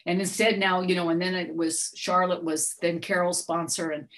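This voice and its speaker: A woman's voice: fairly low pitch, flat delivery, normal speed, a bit bright. A middle-aged woman telling a candid personal recovery story, acting out her own outbursts as she goes. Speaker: workshop speaker sharing her story.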